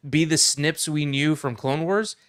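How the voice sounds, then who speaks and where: A man's voice: a little high, measured pace, clear, resonant tone. A man who is a podcast guest, chatting casually and getting passionate as he talks. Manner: passionate, gets excited. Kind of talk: casual chat.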